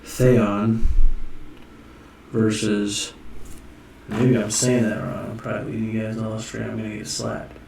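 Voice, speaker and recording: Casual teacher, man, gravelly and unhurried, off-mic in a roomy space, muses aloud. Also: lowish voice, level tone, darkish tone, recorded from a distance, slight background noise. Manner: musing, self-correcting, thinking aloud. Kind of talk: casual screen-share lesson. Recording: echoey room, off-mic.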